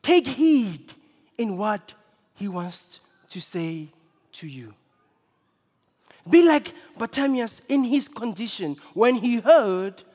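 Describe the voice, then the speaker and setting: High-voiced impassioned preacher. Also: male voice. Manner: impassioned, rising to shouts, dramatic repetition. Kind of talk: sermon. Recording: long reverb of a large hall.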